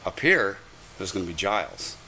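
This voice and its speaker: Older man, reminiscing storyteller, lively anecdotal manner, bright forceful voice, lowish pitch. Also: fairly quick, slight background noise. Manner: lively anecdotal, chuckling asides. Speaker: retired railroad conductor.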